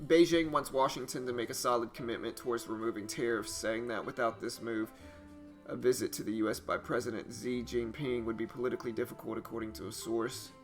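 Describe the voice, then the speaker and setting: A man in his thirties hosting a live trading stream, chatty and loose, getting animated when he tells stories. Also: mid-range voice. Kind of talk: casual live stream chat and market news. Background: soft jazz music.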